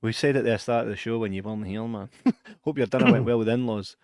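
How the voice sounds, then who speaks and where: A man's voice: lowish voice, fast, darkish tone, no room sound. Scottish male podcast co-host, sweary laughing storyteller, dry close sound. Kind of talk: casual chat.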